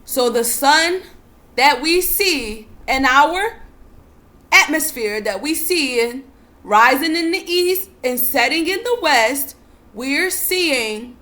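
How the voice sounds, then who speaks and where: In an unhurried spiritual teaching, a woman with a fairly high voice stretches out her words and keeps calming her listeners. She coaxes them with repeated "breathe" and "calm down," then swells into emphatic bursts to hammer home her key points.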